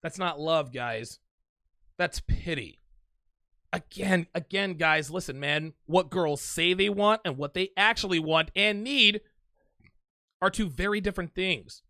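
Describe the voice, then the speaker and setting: A man's voice: high-pitched, measured pace, bright, forceful tone, no echo. A man doing mocking reaction commentary, emphatic and sarcastic, on a close microphone. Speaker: commentary host.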